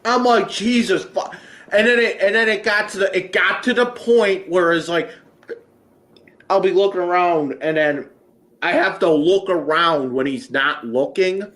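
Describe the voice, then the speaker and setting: A man's voice: sits high, normal speed, a bit bright. Rambling, swearing man in an echoey room. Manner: rambling with many restarts, swears often. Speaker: guest being interviewed. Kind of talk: casual profane storytelling.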